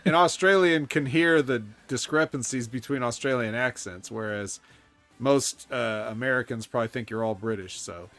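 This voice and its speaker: A man's voice: medium pitch, normal speed, a bit bright, dry recording, soft background music. A man co-hosting a podcast, chatting casually with a dry, sarcastic manner. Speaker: podcast co-host. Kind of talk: casual wrestling banter.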